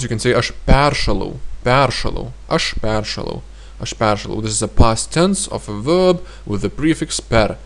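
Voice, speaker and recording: A man teaching a language lesson, repeating each phrase several times and explaining it in a relaxed, thinking-aloud way with frequent fillers. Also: fairly low pitch.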